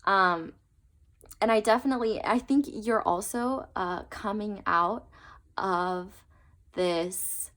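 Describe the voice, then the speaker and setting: A woman's voice: mid-range voice, slow, a bit bright. Chatty young woman reading tarot. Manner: chatty, earnest, many fillers and trailing asides. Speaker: tarot reader. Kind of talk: casual tarot reading to camera.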